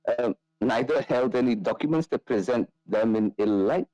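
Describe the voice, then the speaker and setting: A man's voice: mid-range voice, expressive, moderate pace, mellow, no echo, rough recording. A man narrating as game master, hesitating often with fillers and restarts.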